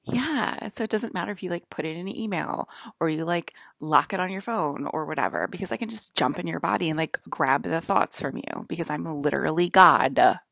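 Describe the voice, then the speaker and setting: A woman's voice: deep voice, a little fast, creaky, hardly any pauses, a bit bright, dry recording, clean studio sound. A woman talking to her viewers in a long rambling monologue, packing her speech with "like" and laughing often, seated at a table indoors. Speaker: vlogger.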